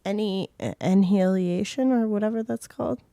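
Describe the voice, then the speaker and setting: A woman's voice: mid-range voice, brisk, creaky, mellow, no echo, clean studio sound. A woman co-hosting a podcast, chatting casually and laughing easily through jokey banter. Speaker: podcast co-host. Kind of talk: casual chat.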